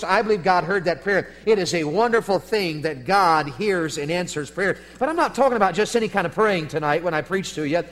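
An evangelist preaching a revival in a church, his voice sitting unusually high for a man. He tells stories in a folksy, animated way and swells to loud, soaring passages. Long reverb from the hall hangs behind every phrase. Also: a little hiss or hum. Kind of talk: revival sermon with storytelling. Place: church sanctuary.

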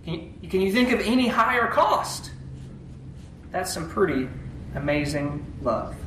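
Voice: mid-range voice, very animated, unhurried. Preacher in an echoey church, punchy delivery, keeps asking "right?", a little hiss behind. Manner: emphatic, asks the congregation "right?" often. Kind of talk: sermon. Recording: echoey room, faint background noise.

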